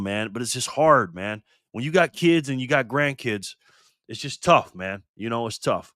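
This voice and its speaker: A man's voice: mid-range voice, lively intonation, moderate pace, bright, forceful tone, no room sound, clean studio sound. Fired-up older man hosting a live stream. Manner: fired-up, cursing, greets chat viewers. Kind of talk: casual live stream talk. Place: garage.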